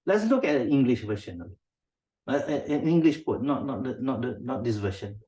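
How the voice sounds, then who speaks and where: A man's voice: medium pitch, very animated, brisk, mellow. A man with a Malaysian accent teaching a class on writing quotes, calling on students by name and checking in with them often. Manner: code-switching, often checks in with a questioning "yeah?". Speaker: writing instructor. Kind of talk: interactive classroom lesson.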